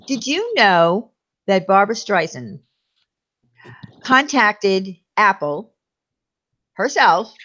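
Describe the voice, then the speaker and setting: Slow-talking woman, dull lo-fi sound. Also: medium pitch, sing-song, sharp tone. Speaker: co-host. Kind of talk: casual chat.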